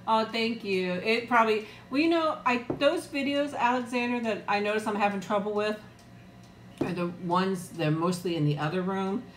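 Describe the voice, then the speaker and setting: On a live eating stream from a room in her home, a middle-aged woman with a mid-range voice chats at a moderate pace, laughing often and calling out viewers by name. Her new external mic is close, but the sound is reverberant with slight background noise.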